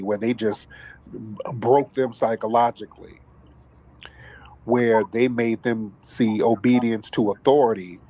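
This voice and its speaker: Male host, emphatic and preachy, husky voice, casual profanity. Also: mid-range voice, a little mellow, poor audio. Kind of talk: commentary talk show.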